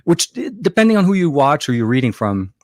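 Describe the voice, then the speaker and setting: A man's voice: fairly high pitch, very animated, fairly quick, no room sound, studio quality. A man co-hosting a casual tech chat, rambling with many fillers and restarts. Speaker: co-host.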